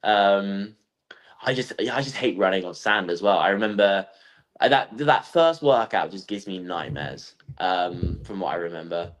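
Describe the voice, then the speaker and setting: A young man, a guest athlete, chatting casually and telling animated stories with lots of ums and likes. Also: low voice, normal speed, rough recording. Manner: animated storytelling, acts out quotes; lots of fillers like um and like. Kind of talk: casual podcast chat.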